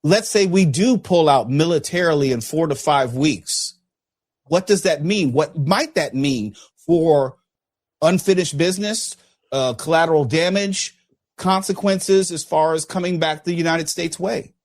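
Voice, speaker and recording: A man hosting a talk radio show, interviewing a guest with measured, probing questions. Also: on the high side.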